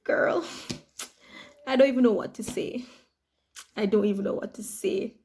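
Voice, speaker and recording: A woman's voice: on the high side, normal speed, mellow, lightly acted. A Nigerian woman acting a newly engaged young woman, gushing and close to tears in a comedy skit. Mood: emotional.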